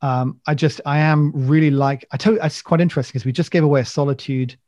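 A man's voice: on the high side, steady tone, fast talker, a little mellow, dry recording. A man hosting a casual chat, rambling and jokey, telling stories with enthusiasm. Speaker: podcast host.

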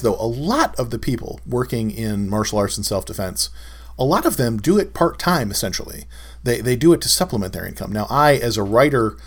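A middle-aged man hosting a solo podcast in a casual, wry and exasperated way, often chuckling. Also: medium pitch. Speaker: podcast host.

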